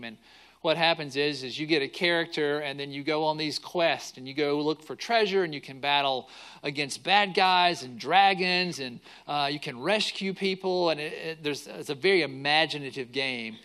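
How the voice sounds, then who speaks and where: Pastor, male, middle-aged, bright tone, lively sermon storytelling. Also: fairly high pitch, normal speed, clean tone. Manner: animated storyteller acting out quotes.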